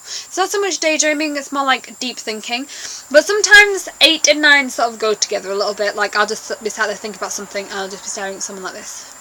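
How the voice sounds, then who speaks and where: A woman's voice: fairly high pitch, fast, bright, forceful tone, slight background noise, poor audio. A young woman vlogging to camera in a bubbly, rambling, playful way. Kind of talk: casual chat to camera.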